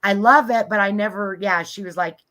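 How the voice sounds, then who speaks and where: A woman guest in a casual podcast chat, chatty and laughing along, speeding up when excited. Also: medium pitch, fairly quick.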